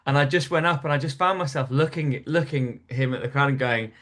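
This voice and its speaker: A man's voice: medium pitch, fairly quick, a bit bright. A man from North East England, a stand-up comedian, telling stories in a casual podcast chat with frequent restarts. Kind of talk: storytelling in casual interview.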